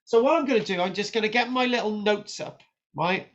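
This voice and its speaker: A man's voice: sits high, fairly quick, muffled recording. A man teaching history in a chatty, informal lecture. He often restarts his sentences and checks in with "right?". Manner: animated, chatty, frequent restarts and "right?" tags. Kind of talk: informal lecture with notes on screen.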